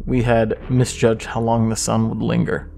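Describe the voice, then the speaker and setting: A man reads a horror story at a middle pitch, measured and suspenseful. His delivery stays steady and drawn out, with a faint hiss behind it. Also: gravelly. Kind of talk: scripted creepypasta narration.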